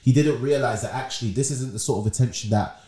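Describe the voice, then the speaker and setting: A man's voice: medium pitch, fast talker, darkish tone, reverberant. A man co-hosting a casual podcast chat, explaining things in a chatty way. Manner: explanatory, chatty, laughs often. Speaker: podcast co-host.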